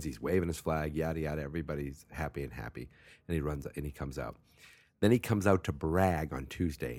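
A man's voice: a bass voice, a little mellow, husky, no room sound. A man casually rambling through wrestling predictions, jokey and self-deprecating, drifting into tangents.

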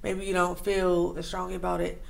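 A woman co-hosting a casual chat podcast, relaxed and level-headed as she calmly argues her side. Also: fairly low pitch, normal speed, creaky.

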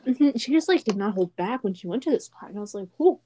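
A young woman co-host with a blunt, deadpan delivery. Her voice is mellow and mid-pitched. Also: fast talker, slight background noise. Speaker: podcast co-host. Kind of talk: casual chat.

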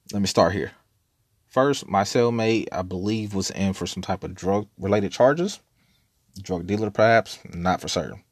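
A man's voice: low voice, dry recording, clean studio sound. A man casually telling a story, laid-back and profane, rambling with frequent laughs.

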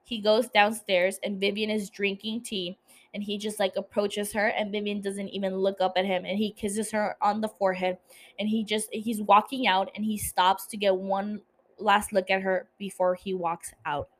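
A woman's voice: mid-range voice, flat delivery, moderate pace. A young woman hosting a podcast, recapping a TV episode in casual chat, swearing a lot and laughing at her own jokes. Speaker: podcast host.

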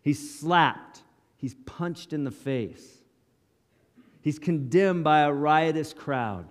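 Guy preaching, dramatic short punchy lines, kinda high voice, big hall echo. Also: expressive, slow. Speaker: pastor. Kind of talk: sermon.

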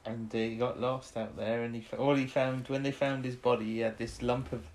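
A man's voice: medium pitch, little pitch movement, fairly quick, darkish tone, close to an everyday voice. A man doing a West Country accent as a miner's son telling his father's tale.

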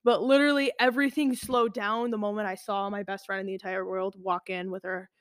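A woman's voice: mid-range voice, little pitch movement, fairly quick, no echo, clean studio sound. A woman in her twenties telling a personal story as a podcast host, casual and rambling, full of "like" and "you know". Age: 20s. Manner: rambling, filler-heavy, lots of "like".

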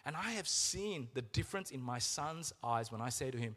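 A middle-aged man preaching a sermon as pastor, earnest and emotional, slowing down for emphasis. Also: mid-range voice, expressive, pushed and bright. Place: church. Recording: reverberant church hall with music.

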